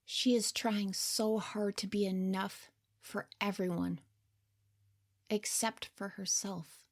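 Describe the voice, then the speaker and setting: A woman voicing her older, wiser self in a soft, gentle whispered role-play. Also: mid-range voice, steady tone, takes it slowly. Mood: tender.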